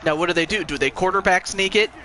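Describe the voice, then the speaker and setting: Bright-voiced man calling plays in a football game. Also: sits high, fast. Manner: calls plays, hesitant fillers. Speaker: co-commentator. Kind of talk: casual play-by-play of a video game.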